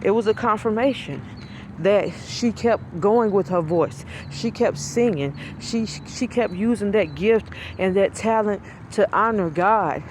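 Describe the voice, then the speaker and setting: Woman with a deep low voice, earnest preachy pep talk, repeats stuff for emphasis, a bit of faint noise behind. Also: unhurried, darkish tone. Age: adult with school-age children. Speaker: self-styled prophetess posting online videos. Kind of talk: inspirational preaching to camera.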